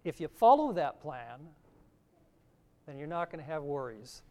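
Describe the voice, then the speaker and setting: A man's voice: on the high side, very animated, unhurried, a little mellow. A middle-aged man giving a sermon, teaching earnestly and reading scripture aloud. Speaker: preacher.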